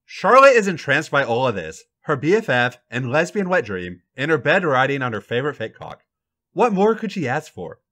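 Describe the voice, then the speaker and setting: A man hosting a podcast, reading a fan fiction story aloud with an animated, dramatic delivery. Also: mid-range voice, moderate pace.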